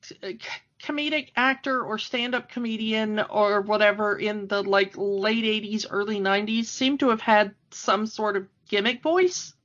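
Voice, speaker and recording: A woman's voice: mid-range voice, normal speed, a bit bright. A woman co-hosting a podcast in casual chat, talking freely with frequent fillers and laughs. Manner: chatty, laughing often, many fillers. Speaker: podcast co-host. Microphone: home microphone, remote call. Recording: dull lo-fi audio.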